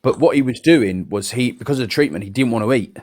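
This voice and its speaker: A man's voice: medium pitch, lively intonation, fast talker, darkish tone. A man, hosting a casual live chat and telling a personal story with quoted voices and swearing. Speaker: podcast host.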